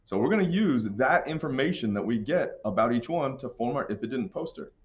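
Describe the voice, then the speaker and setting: A man's voice: medium pitch, lively intonation, fairly quick, highs cut off. Casual man teaching a history lesson. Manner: casual, joking, puts on silly accents for countries. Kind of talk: classroom lesson walkthrough.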